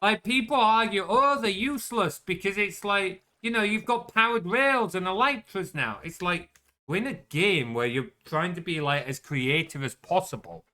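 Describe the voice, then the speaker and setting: A man's voice: high voice, moderate pace, pushed and bright. A man chatting casually while streaming a game, rambling and answering his chat with lots of "like". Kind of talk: casual gaming commentary.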